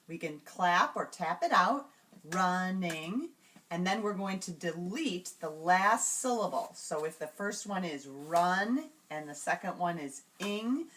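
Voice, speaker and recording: A woman demonstrating classroom reading routines, sounding out words patiently and slowly. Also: on the low side, fairly bright tone, a little hiss or hum. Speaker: teacher trainer. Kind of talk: instructional demonstration.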